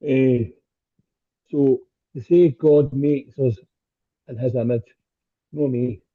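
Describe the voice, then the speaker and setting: A man's voice: medium pitch, fairly even intonation, takes it slowly. Scottish man doing crude stand-up. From Scotland. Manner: crude, self-deprecating punchlines. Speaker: stand-up comedian. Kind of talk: stand-up set over a video call. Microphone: video call. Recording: tinny phone-like call audio.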